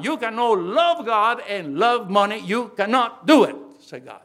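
Older guy preaching, high voice, emphatic, keeps repeating the main point and restarting sentences. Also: big pitch swings, unhurried, few pauses, a bit bright. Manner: emphatic, repeats key phrases, frequent restarts. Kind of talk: sermon.

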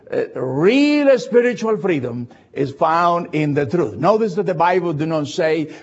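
An older man preaching a sermon with non-native English phrasing, slowing down deliberately to stress scripture. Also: on the high side. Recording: dull lo-fi recording.

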